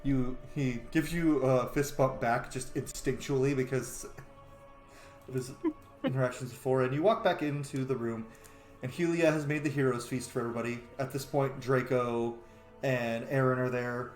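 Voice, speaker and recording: A man narrating a tabletop game as its game master, in a brisk, jokey manner. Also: mid-range voice, steady tone, faint music behind. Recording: roomy echo.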